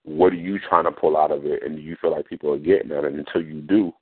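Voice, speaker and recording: A man's voice: rumbling low, fairly even intonation, quick pace, slightly rough. A man hosting a radio show, chatting casually about poetry and often asking "you know what I'm saying". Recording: phone-like radio audio.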